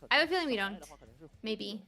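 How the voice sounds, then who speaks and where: A woman's voice: on the high side, lively intonation, brisk, sharp tone. A woman from the southern United States, chatting casually as a live tournament commentator in a playful, self-deprecating way. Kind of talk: casual live-stream chat.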